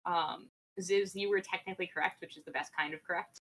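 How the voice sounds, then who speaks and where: Woman, trivia host, low-pitched voice, upbeat, slightly scatterbrained, livestream game. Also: steady tone, fairly quick, a bit bright.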